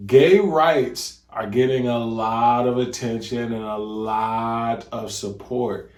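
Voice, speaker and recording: Animated man, slow and echoey. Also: medium pitch. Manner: animated, mocking, acts out voices. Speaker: podcast host. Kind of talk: casual commentary.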